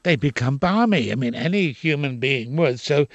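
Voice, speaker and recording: A man's voice: medium pitch, expressive, normal speed, dry recording, highs cut off. An older man, an actor giving an opinionated, emphatic interview and repeating his points. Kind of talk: casual interview talk.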